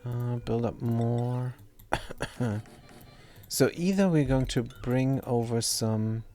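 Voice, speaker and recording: With soft music playing behind him, a young man speaks slowly in a warm, mid-range voice. He's streaming a game and chatting in accented English, which isn't his native tongue, drifting from point to point with self-deprecating comments and words he stumbles on and restarts.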